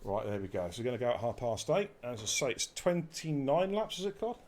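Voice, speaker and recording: A man's voice: medium pitch, fairly quick, slight background noise. A man hosting a live esports racing stream, joking, swearing and bantering while commentating. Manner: jokey, swears freely, energetic.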